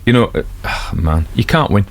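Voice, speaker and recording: Very animated and speaking at a moderate pace in a lowish voice, a Geordie audiobook narrator from North East England chats informally about a detective series. His commentary wanders, pokes fun at himself, and is full of fillers and side remarks.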